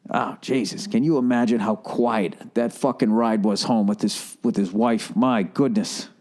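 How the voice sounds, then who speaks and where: A man's voice: lowish voice, fairly even intonation, unhurried, a little mellow. A man hosting a solo podcast in a rambling, profane monologue with sarcastic asides. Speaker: podcast host.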